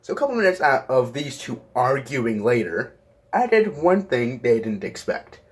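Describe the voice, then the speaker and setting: A man's voice: medium pitch, very animated, moderate pace. A young man casually telling a rambling story, swearing often and correcting himself mid-sentence. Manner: profane, rambling, self-correcting.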